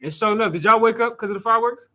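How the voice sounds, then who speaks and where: Racing along in a high, bright voice, a man preaches an informal sermon to his small scripture class. He's casual and chatty, constantly asking the room rhetorical questions, tossing in laughs, asides and occasional curses, sounding relaxed and street-casual rather than formal.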